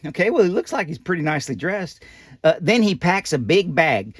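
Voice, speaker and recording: A man's voice: a little high, very animated, brisk, husky, no echo, clean studio sound. A man voicing a folksy old animatronic doll who reads a children's picture book aloud with rambling asides and loose grammar. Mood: chatty.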